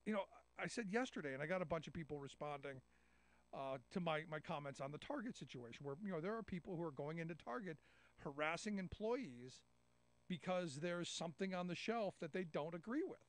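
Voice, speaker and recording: A man's voice: fairly high pitch, expressive, a little fast. A man hosting a talk radio show, chatting casually with a loose, rambling, sarcastic delivery.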